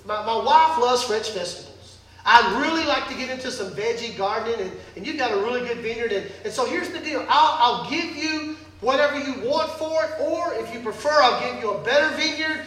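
A man's voice: extremely high pitch, brisk, hardly any pauses, a bit bright. A man doing a whiny, sulking king. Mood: coaxing. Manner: pleading, sulky and coaxing. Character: whiny, self-pitying grown male king. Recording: echoey hall, distant mic.

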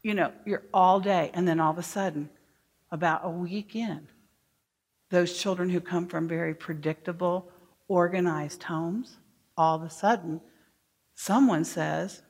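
A woman's voice: on the low side, a little slow, a little mellow. A woman educator giving a workshop talk to teachers, speaking emphatically and asking the room questions. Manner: emphatic, asks the audience questions.

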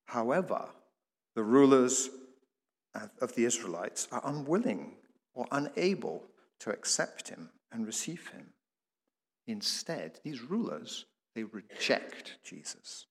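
A man's voice: medium pitch, big pitch swings, takes it slowly, big-room sound. A man preaching a sermon, explaining the passage and posing rhetorical questions with occasional restarts.

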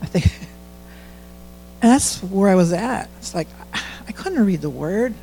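A man's voice: sits high, lively intonation, a little slow, vocal fry, dark tone, slight background noise, poor audio. A middle-aged man giving a candid, conversational testimony in church, often quoting his own prayers aloud. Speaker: church speaker sharing testimony. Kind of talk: informal sermon testimony.

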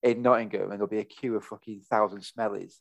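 Gravelly, sweary podcast host. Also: male voice, on the low side, fairly even intonation, fast talker, no room sound. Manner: sweary, enthusiastic banter. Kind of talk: casual chat.

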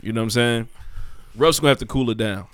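A man's voice: medium pitch, quick pace, smooth. A man hosting a casual group podcast, easygoing as he runs through the week's topics. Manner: laid-back, runs the topic rundown. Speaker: podcast host.

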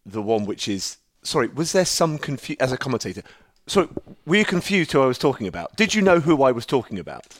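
Male commentator, mid-pitched, measured, dry close sound. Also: sing-song, dry recording. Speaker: football commentator. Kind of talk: casual chat.

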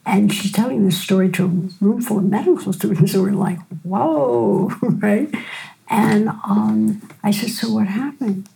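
An older woman, a physician and teacher, telling stories in a gentle, unhurried way during a conversation. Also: medium pitch, fairly even intonation, creaky, rough recording. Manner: gentle unhurried storyteller, frequent "right?". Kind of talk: storytelling in a conversation.

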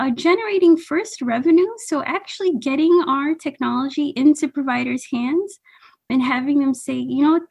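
A woman's voice: sits high, creaky, breathy edge. A woman founder being interviewed on a podcast, upbeat and enthusiastic about her company. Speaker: startup founder, podcast guest.

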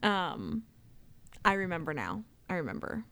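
A woman's voice: fairly low pitch, sing-song, unhurried, pushed and bright. A woman co-hosting a casual podcast, chatty and a little hesitant. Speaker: podcast co-host. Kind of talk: casual chat.

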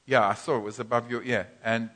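A man preaching a sermon in a church, teaching from scripture with animated bursts of loud groaning. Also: mid-range voice, a little fast. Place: church hall. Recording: long church reverb.

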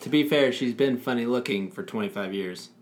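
A man's voice: medium pitch, fairly quick, a little hiss or hum. A man co-hosting a casual podcast with friends, making dry teasing jokes. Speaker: podcast co-host. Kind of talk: casual chat among friends.

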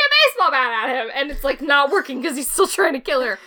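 A tipsy young woman hosting a podcast and telling a story in casual chat, animated, giggly and swearing freely. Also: sits high, brisk, hardly any pauses. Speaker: podcast host.

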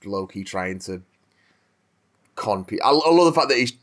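A man chatting as a podcast co-host. His voice sits a little low, and he talks in a relaxed, wry, understated way. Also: normal speed. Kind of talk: casual chat.

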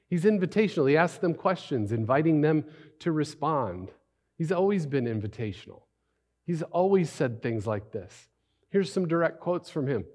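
A man's voice: fairly high pitch, very animated, normal speed, a little mellow. A man preaching a sermon as a pastor, in a conversational way with many rhetorical questions and repeated phrases.

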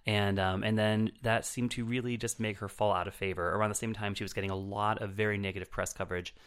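Low, smooth-voiced man chatting casually. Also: little pitch movement, fast, a bit bright. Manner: rambling, many fillers and restarts. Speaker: podcast film reviewer. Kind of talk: casual chat.

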